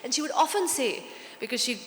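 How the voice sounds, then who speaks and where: A woman on a conference panel, telling lively stories and slipping into Hindi phrases. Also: high-pitched, a little fast, slight background noise. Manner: animated storytelling, mixing in Hindi. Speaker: panel author. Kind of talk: conversational panel talk. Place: conference hall. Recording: echoey hall with long reverb.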